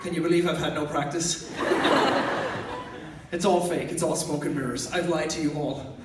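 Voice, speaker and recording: A young Irish man hosting a live stage show, telling funny stories to an audience in an energetic, loud, jokey way, often laughing as he talks. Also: fairly high pitch, normal speed, very noisy. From Ireland. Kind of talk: stand-up storytelling to a live audience. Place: large concert hall with a live audience. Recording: echoey hall recording from far off, loud crowd.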